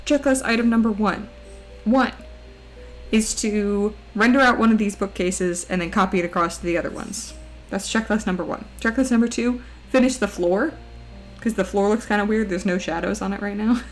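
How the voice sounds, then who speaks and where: A woman's voice: normal speed, soft background music, rough recording. A woman streamer chatting casually while she draws, her voice cracking now and then after a long recording session, playful and self-teasing. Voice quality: high, mousy voice. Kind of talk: casual live-stream chat while drawing.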